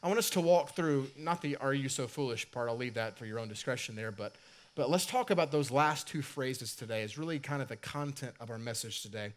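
A man's voice: medium pitch, brisk. A middle-aged man preaching a sermon as pastor, conversational and self-deprecating, repeating key lines for emphasis. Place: church sanctuary.

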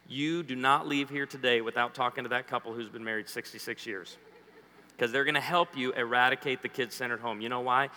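A man preaching a humorous sermon in a church, joking and quizzing the audience. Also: medium pitch. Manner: lively, jokey, quizzes the audience. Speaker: guest preacher. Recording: echoey hall.

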